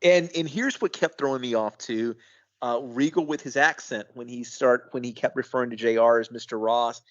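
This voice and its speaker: A man's voice: medium pitch, fairly even intonation, normal speed, a bit bright, lo-fi sound. A man co-hosting a casual wrestling recap podcast, easygoing and enthusiastic in his takes. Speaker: podcast co-host.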